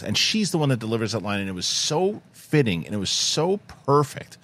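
A man's voice: medium pitch, very animated, brisk, hardly any pauses, a bit bright, no echo. A man hosting a casual film discussion, enthusiastic and rambling, with frequent restarts. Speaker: podcast host.

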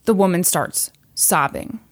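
A woman co-hosting a podcast, casually telling a true crime story with animated delivery and acted-out quotes. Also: on the low side, a little slow. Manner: animated, acts out quoted voices, laughs often.

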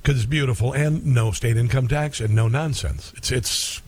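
A man's voice: mid-range voice, lively intonation, takes it slowly. A middle-aged man hosting a talk radio show in a rambling, sarcastic, folksy monologue.

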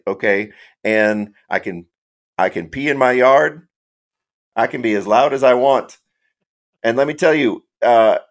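A man from Kansas City, a guest contributor on a casual podcast, chatty and self-amused. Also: medium pitch.

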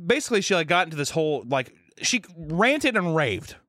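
A man co-hosts a casual podcast, his voice sitting fairly high and swinging widely as he tells stories. He swears freely and laughs often. The sound is dry and close, with no room around it. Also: a little fast, no room sound. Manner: animated, profane storyteller who laughs often. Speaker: podcast co-host.

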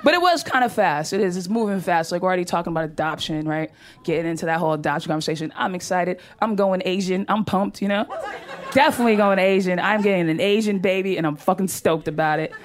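A woman's voice: fairly low pitch, fast talker. A young woman doing a stand-up comedy set on a club stage, brash and profane, laughing through her punchlines into a handheld mic.

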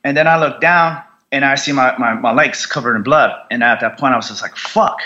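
A man from the United States speaks as a podcast guest, swearing freely and stumbling through restarts as he recounts events. His voice has a bright, forceful edge. The recording sounds a little dull and muffled. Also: medium pitch. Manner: raw, profane, halting with many restarts. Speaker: podcast guest, combat veteran. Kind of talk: candid storytelling interview.

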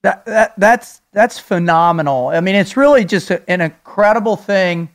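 A man's voice: sits high, lively intonation, moderate pace. A man hosting an interview, affirming his guests and asking long, searching questions. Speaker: podcast host.

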